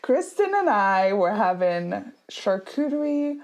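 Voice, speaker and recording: A woman in her thirties, a podcast co-host telling stories in casual chat, animated, laughing often with quick asides. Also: mid-range voice.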